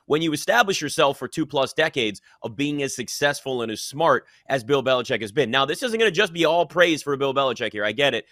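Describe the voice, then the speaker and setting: A man's voice: mid-range voice, lively intonation, brisk, hardly any pauses, fairly bright tone, no echo, studio quality. A man hosting a sports talk debate, emphatic and opinionated.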